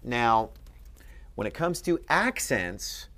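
A man's voice: medium pitch, very animated, slow, pushed and bright. A man teaching at a board in a room, explaining patiently and checking in with frequent "okay?".

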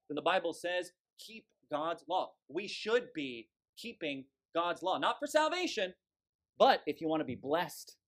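A man preaching a sermon from the pulpit, forceful and emphatic, scornful toward those he condemns. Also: high-pitched. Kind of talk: fiery sermon.

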